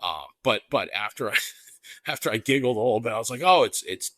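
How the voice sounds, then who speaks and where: A man co-hosting a podcast in casual chat, excitable and rambling, with lots of restarts and "dude.". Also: fairly low pitch, fast, dry recording, clean studio sound. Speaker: podcast co-host.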